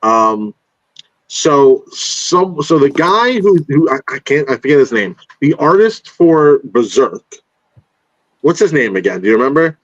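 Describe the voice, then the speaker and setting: A man's voice: medium pitch, very animated, a little slow, dry recording. Man on dull lo-fi audio. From Connecticut, US. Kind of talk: casual chat.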